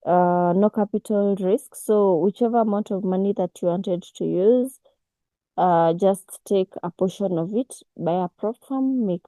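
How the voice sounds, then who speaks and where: A woman, teaching a casual online forex class over a video call, unhurried and full of restarts. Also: mid-range voice, warm tone, no echo, poor audio. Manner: unhurried, with many restarts and fillers. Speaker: forex mentor.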